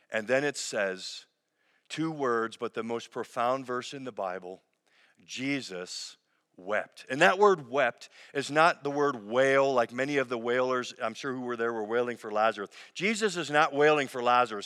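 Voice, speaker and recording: A man preaching a sermon as a pastor, earnest, slowing and softening on key phrases. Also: mid-range voice. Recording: long reverb of a large hall.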